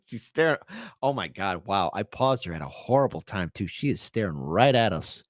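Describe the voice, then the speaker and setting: A man hosting a casual commentary show, jokey and excitable, and often poking fun at himself. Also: low voice, a little fast, no echo, clean studio sound. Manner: jokey, excitable, self-mocking.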